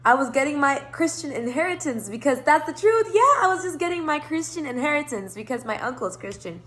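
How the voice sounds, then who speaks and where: A woman with a slightly high voice tells a storytime tale to camera in a loose, rambling way. She laughs often, swears freely and keeps breaking off into asides. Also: big pitch swings, a little fast, a bit bright. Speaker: tarot channel host. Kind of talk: casual storytime monologue.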